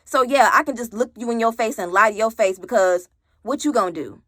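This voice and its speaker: A woman's voice: on the high side, fairly quick, no room sound, clean studio sound. A young adult woman telling a personal story in casual chat, blunt and swearing, acting out the people she quotes. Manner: animated, mimics others in quoted voices.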